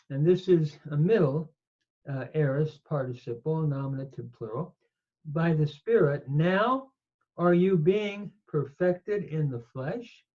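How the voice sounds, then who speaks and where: A man's voice: fairly high pitch, highs cut off. A man teaching a Greek grammar lesson on scripture, explaining verb forms step by step with fillers. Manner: slow, methodical explanation with fillers. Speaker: Bible teacher.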